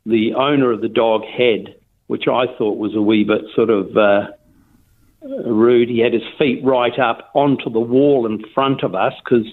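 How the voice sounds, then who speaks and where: An older man with a New Zealand accent tells a long story over the phone, rambling and restarting his sentences. His voice sits at a middle pitch and comes through a thin, tinny phone line. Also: fairly even intonation, unhurried. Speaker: interviewee. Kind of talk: phone interview, casual storytelling.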